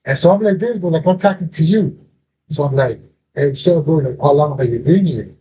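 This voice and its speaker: A man's voice: a little high, a little fast. A man telling a personal story in casual talk, profane and full of street slang, calling his listener bro. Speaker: podcast host. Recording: dull lo-fi audio with faint noise.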